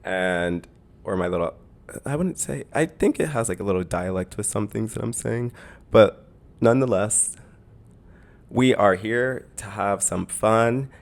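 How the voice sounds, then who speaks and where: A young man from Canada with a Canadian accent hosts his own podcast alone. His voice sits very low. He talks casually and rambles, piling up fillers and repeating words as he goes. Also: unhurried, gravelly. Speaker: podcast host. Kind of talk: casual solo podcast monologue.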